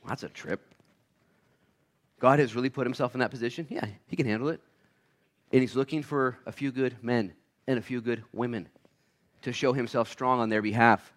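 A man pastor giving a sermon in church, swinging between quiet asides and loud, fired-up preaching. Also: mid-range voice, normal speed. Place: church sanctuary.

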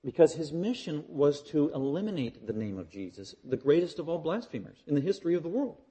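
A male preacher working through scripture in a sermon. His voice is warm and mellow and sits slightly high for a man. He builds emphasis through repetition, rising to forceful declarations and falling back to quiet reflection. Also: sing-song, brisk. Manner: emphatic, building repetition, swings from loud to hushed. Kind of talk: expository sermon.

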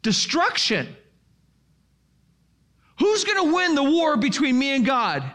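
A male preacher with a strikingly high voice delivers a sermon. He works through his points by putting questions to the listeners and answering them himself. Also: sing-song, normal speed, fairly bright tone. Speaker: pastor.

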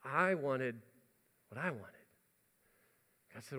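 A man with a fairly high voice tells a story from the pulpit, poking fun at himself as he goes. His delivery is animated and lively. The sound rings with the long reverb of a large hall. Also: normal speed. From United States. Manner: animated, self-mocking storyteller. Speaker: pastor. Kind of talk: sermon storytelling.

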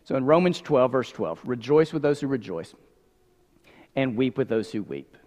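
A man's voice: mid-range voice, sing-song, moderate pace. Man preaching in a reverberant hall. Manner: conversational, frequent "like", softens to near whisper on scripture. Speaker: pastor. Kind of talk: sermon. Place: church sanctuary.

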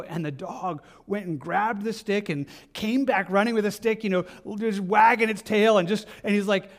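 A man preaching a sermon in a conversational way, with many asides and restarts. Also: high-pitched. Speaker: pastor.

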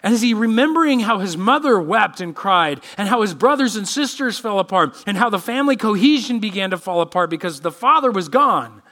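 Bright, lively-voiced male preacher. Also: sits high, fairly quick, few pauses. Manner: expressive preaching, acting out quoted voices. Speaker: pastor. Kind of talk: sermon. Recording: church podcast sermon.

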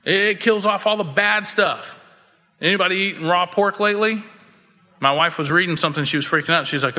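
Folksy pastor in a reverberant hall. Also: male voice, a little high, fast talker, bright, forceful tone. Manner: casual, folksy, acts out quoted voices. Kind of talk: conversational sermon with storytelling.

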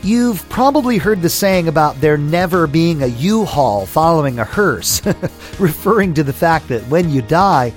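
Lively male broadcast announcer. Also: a little high, unhurried, soft background music. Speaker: radio announcer. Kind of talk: scripted broadcast introduction.

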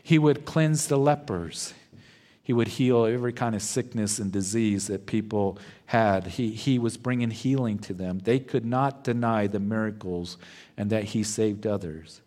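A man preaching a verse-by-verse sermon as pastor, in a slow and deliberate way. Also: fairly low pitch, a little mellow. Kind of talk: expository sermon.

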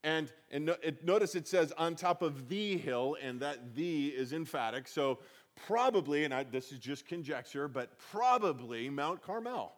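A man's voice: on the high side, expressive, moderate pace. A man giving a conversational Bible teaching, reading scripture aloud and then explaining it with chatty emphasis.

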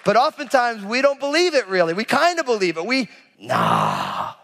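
A man preaching a sermon as a pastor, animated and conversational, acting out the people in the story with casual asides. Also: very high voice, fast talker, in a large hall. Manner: animated, acts out biblical figures with casual asides.

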